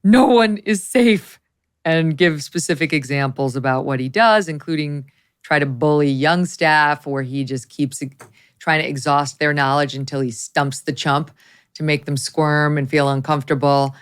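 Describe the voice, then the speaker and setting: A woman hosts a political talk show with a notably low voice. She talks briskly and with a dry, sardonic edge as she sets up topics for her guests. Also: fairly even intonation, clear, resonant tone. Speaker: host.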